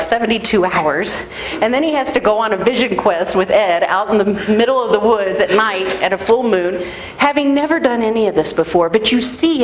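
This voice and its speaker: A woman pastor giving a sermon in a conversational, animated storytelling way. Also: medium pitch. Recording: echoey room, faint noise.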